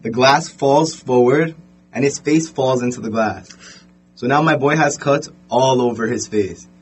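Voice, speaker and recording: A young man telling a story in a casual podcast chat, animated and full of fillers. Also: mid-range voice, measured pace, slightly rough, soft background music.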